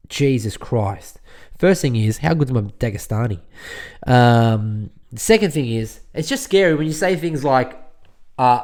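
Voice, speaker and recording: A man's voice: medium pitch, expressive, normal speed, a little mellow. Male solo podcast host, chatty and rambling, ranting commentary with lots of restarts. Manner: rambling, repeats words, ranting.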